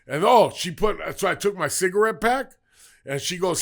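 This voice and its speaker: A high-pitched man tells a rough, rambling story full of swearing. He slips in and out of the voices of the people he quotes. It is loose, casual chat. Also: fairly quick. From Southern California. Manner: profane, rambling, animated retelling with quoted voices. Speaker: podcast guest storyteller.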